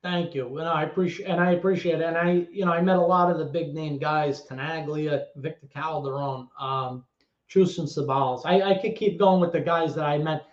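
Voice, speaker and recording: A man with a New York accent, a former club DJ telling stories as an interview guest, animated and swearing freely. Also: fairly high pitch. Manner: animated, swearing storyteller with quick restarts. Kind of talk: casual storytelling interview. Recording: echoey room, dull lo-fi audio.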